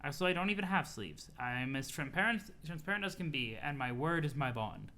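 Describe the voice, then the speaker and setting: A man's voice: on the high side, lively intonation, a little fast, pushed and bright, pitched below the performer's own voice. A man doing a stiff, haughty troll boy.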